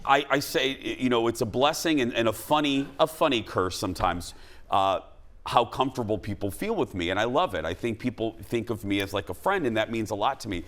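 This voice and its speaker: A man hosting a talk show, chatting casually and telling stories with lots of animation, often switching to high voices for quoted lines. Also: a little fast, fairly bright tone. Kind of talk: casual studio chat.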